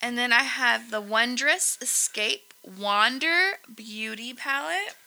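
A woman's voice: a little high, slow pace, gravelly, pushed and bright. A young adult woman co-hosting a podcast, chatting casually and swearing now and then. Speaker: podcast co-host.

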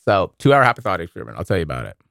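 A man's voice: low-pitched, huge pitch swings, racing, vocal fry, a bit bright, no room sound, clean studio sound. A man hosting a podcast, rambling through a casual monologue full of profanity. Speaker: podcast host.

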